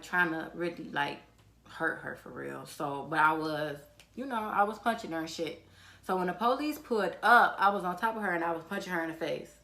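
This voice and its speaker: A young woman talks through a story in a casual, animated way, swearing as she goes. Her voice is bright and forward and sits a little low for a woman. She jumps into a raised voice whenever she quotes someone. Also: creaky. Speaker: vlogger telling a storytime.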